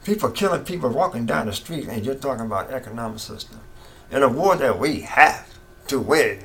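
A middle-aged man rants in a casual opinion monologue, circling back to the same points with rising fervor. His voice sits at an ordinary pitch. A faint hiss of noise runs underneath. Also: expressive, a little fast, vocal fry, fairly bright tone. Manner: impassioned, ranting, repeats himself. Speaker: political commentator.

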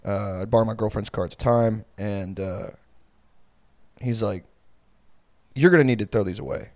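A man's voice: lowish voice, normal speed, a little mellow, no room sound. A man in his twenties co-hosting a podcast, telling long profane stories in a rambling, casual way with lots of fillers. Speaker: podcast co-host. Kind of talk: casual chat.

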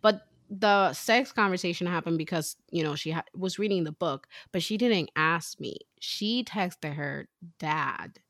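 A woman's voice: lowish voice, a little slow, hardly any pauses, fairly bright tone, dry recording, studio quality. A woman in her thirties, a mother and co-host, chatting casually and acting out quoted lines as she tells a story.

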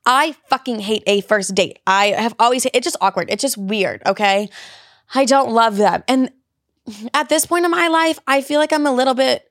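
A woman's voice: a little high, normal speed, a bit bright, no echo, studio quality. A young woman hosting a podcast, giving casual dating advice in a blunt, chatty way and swearing freely. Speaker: podcast host.

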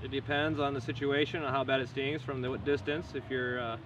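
A man's voice: mid-range voice, little pitch movement, a little fast. A man explaining things in an outdoor interview clip. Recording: distant, dull mic with outdoor noise.

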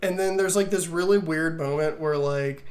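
A man's voice: a little high, normal speed. A man co-hosting a podcast, recapping a movie in casual comic chat and laughing often. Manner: animated, laughs often, acts out quoted lines in exaggerated voices. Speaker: podcast co-host.

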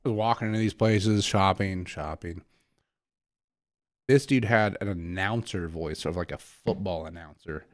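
In a low voice at normal speed, this male podcast co-host chats casually, rambling through stories and laughing frequently. The recording is clean studio quality without any room sound.

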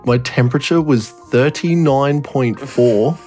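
A man's voice: mid-range voice, unhurried, mellow, soft background music. A young man telling a story in casual podcast chat, rambling, swearing often and laughing through it. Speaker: podcast co-host.

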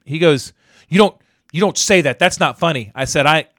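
A man's voice: on the high side, normal speed, fairly bright tone, no echo, clean studio sound. Profane man telling a bar story. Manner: profane storytelling, acts out quotes. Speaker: podcast co-host. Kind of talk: casual sports chat.

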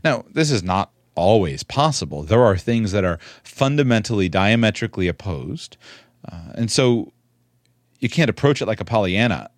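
A man giving spoken commentary in a measured, earnest way, repeating words for emphasis. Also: on the low side, expressive, no room sound, clean studio sound.

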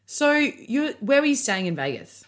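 A woman's voice: high voice, sing-song, moderate pace. A woman hosting a casual podcast, asking her guest playful questions. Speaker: podcast host. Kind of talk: casual interview.

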